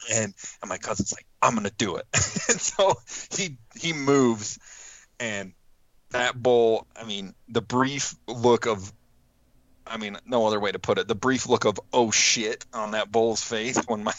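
Guy telling a wild hunting story, gets animated, kinda dull audio. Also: on the low side, unhurried, no echo. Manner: animated, acts out quotes with laughs. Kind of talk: casual storytelling.

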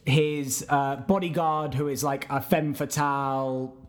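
A man's voice: medium pitch, steady tone, unhurried. A man co-hosting a casual film review chat, retelling scenes candidly and swearing freely. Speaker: podcast co-host.

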